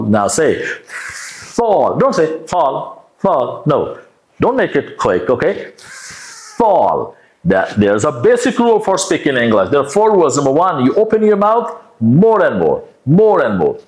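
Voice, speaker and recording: A man teaching English pronunciation, modeling words slowly and exaggerating the sounds for learners to repeat. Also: on the high side. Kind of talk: pronunciation lesson with drills. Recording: echoey room.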